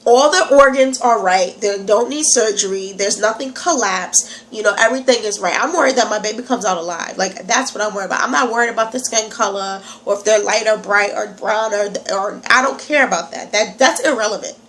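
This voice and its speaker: A woman's voice: medium pitch, a little fast, hardly any pauses, a bit bright, a little hiss or hum. A young woman from New York with a slight Southern country accent and a stuffy nose, chatting animatedly to her phone camera and digressing often. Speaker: vlogger. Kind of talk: casual talk to camera.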